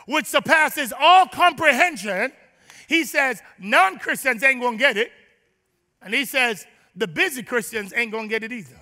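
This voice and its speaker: A pastor preaching a sermon. He acts out his listeners' prayers and swings between loud declarations and near-whispers. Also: extremely high pitch, expressive, normal speed, long reverb tail.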